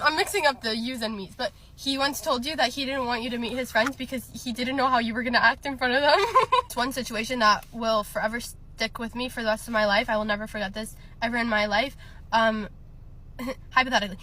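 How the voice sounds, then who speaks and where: A woman's voice: fairly high pitch, a little fast, sharp tone. A young woman telling a personal story in a casual storytime, chatty, laughing often and filling with lots of ums and likes.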